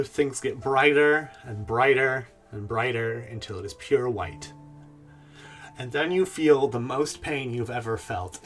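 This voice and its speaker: A man's voice: mid-range voice, fairly bright tone. A man running a tabletop game as game master, narrating in a loose, hesitant way with fillers.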